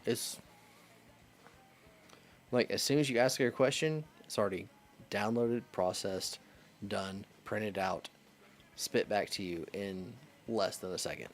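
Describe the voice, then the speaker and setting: A man's voice: on the low side, measured pace, long pauses, faint music behind. A young adult man, a streamer chatting casually with friends and rambling through a story with lots of "like" fillers. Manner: rambling, heavy use of "like". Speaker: streamer host. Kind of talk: casual chat.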